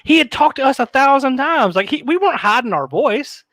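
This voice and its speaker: A man's voice: very high voice, lively intonation, fairly quick, a bit bright, no echo. A man telling a story in casual chat, rambling and profane, laughing often and slipping into mimicked voices.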